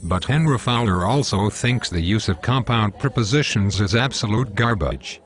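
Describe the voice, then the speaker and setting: A man's voice: lowish voice, lively intonation, moderate pace, lightly acted. A male computer voice playing a legal writing coach who corrects plainly and matter-of-factly.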